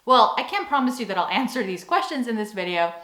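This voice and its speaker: American woman vlogger, young adult, animated and playful, recorded in an echoey room. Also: a little high, quick pace. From United States. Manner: animated, playful, acts out quoted phrases. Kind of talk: casual talking-head vlog.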